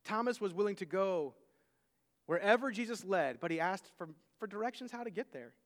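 A man with a very high voice delivers a sermon, pressing his points with emphasis. He often restarts and repeats words mid-thought. His voice carries a long reverb from a large hall. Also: animated, brisk. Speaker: preacher.

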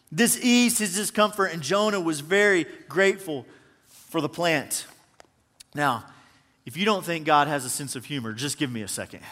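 A man in his thirties preaching a sermon, animated and humorous, telling stories with swings in volume. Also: fairly high pitch. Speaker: pastor. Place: church auditorium. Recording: long hall reverb.

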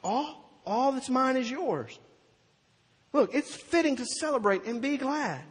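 A preacher voicing a patient older father coaxing his son, earnest, with a husky voice in a reverberant hall. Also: very high voice, expressive, a little slow, voice pushed up, full character voice. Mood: pleading.

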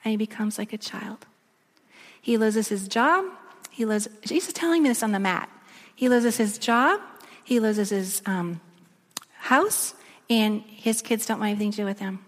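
A woman giving a sermon, telling a story and dropping to a soft near-whisper at emotional moments. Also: mid-range voice, unhurried, long pauses. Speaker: speaker. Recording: echoey long reverb of a large room.

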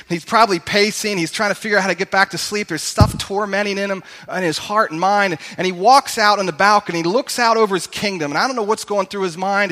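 Brief: high, bright male pastor, storytelling sermon, long reverb of a church hall. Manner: conversational storytelling, calls to the congregation.

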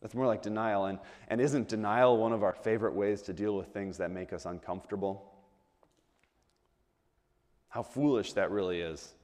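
A man's voice: on the low side, steady tone, normal speed, long pauses, a little mellow, in a large hall. A man preaching a sermon in a conversational way, asking the congregation rhetorical questions and restarting his phrases. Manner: conversational, asks the audience rhetorical questions, repeats words when restarting.

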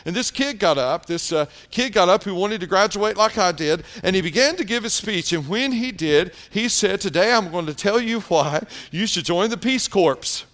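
A man preaching a sermon, telling a story with lively swings between loud and hushed tones. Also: sits high, moderate pace, hardly any pauses. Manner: animated storyteller, drops to hushed tones for emphasis. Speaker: pastor.

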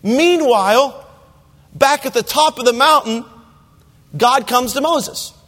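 A pastor delivers a sermon in a high-pitched male voice, moving between scripture reading and casual asides to the congregation. The reverb trails on long after each phrase, as in a large church hall. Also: slow pace, fairly bright tone. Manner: conversational, asks the listeners direct questions; reads scripture aloud in King James wording.

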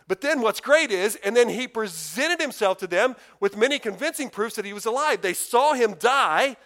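Man, pastor preaching, high voice, emphatic, repeats words mid-thought. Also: expressive, a little fast, fairly bright tone. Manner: emphatic, repeats words when building a point. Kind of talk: sermon.

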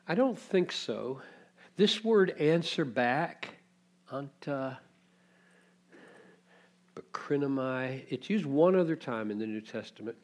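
A man's voice: a little high, animated, slow pace, a little mellow. A man preaching an expository sermon, teaching reflectively and posing rhetorical questions to his listeners.

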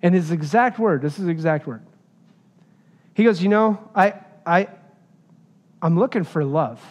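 A man's voice: high voice, expressive, measured pace, big-room sound, highs cut off. A man preaching a sermon, telling a personal story and driving home his points with emphasis. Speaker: pastor.

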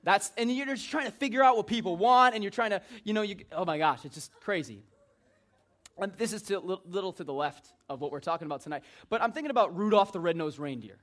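A man's voice: sits high, quick pace, fairly bright tone. A man preaching an informal sermon in a joking, conversational way.

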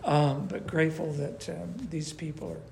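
A man preaching a conversational sermon to his church, animated and acting out little voices as he talks. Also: fairly high pitch, moderate pace, creaky, slight background noise. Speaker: pastor.

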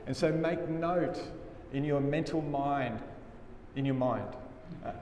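A man delivers a sermon in a slightly higher voice, taking his time with each phrase. He preaches with earnest emphasis and sometimes sinks to a hushed tone for effect. The sound rings through a large hall over faint background noise. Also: slow, lo-fi sound. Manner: earnest, emphatic preaching with dramatic drops in volume. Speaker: pastor.

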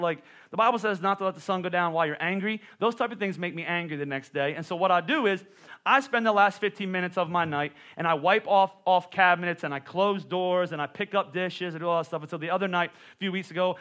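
A man's voice: sits high, a bit bright. A man in his thirties preaching a sermon, telling a comic story with playful self-mocking asides. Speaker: pastor.

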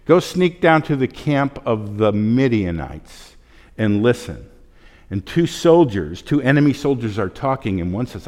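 A man's voice: mid-range voice, very animated, measured pace, darkish tone. A man preaching a sermon as a pastor, conversational with joking asides. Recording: long hall reverb.

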